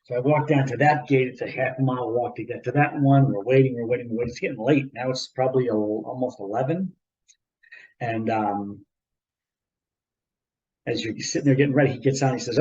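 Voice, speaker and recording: Man, mid-pitched podcast co-host, spins a rambling story full of repeats; audio a bit muffled. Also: a little fast. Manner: animated, rambling anecdote with repeats and asides. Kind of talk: casual storytelling chat.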